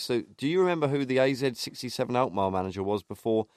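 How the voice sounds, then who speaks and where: A man co-hosting a casual football podcast, chatty and halting with many restarts. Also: medium pitch, expressive, darkish tone, no room sound, clean studio sound. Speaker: podcast co-host.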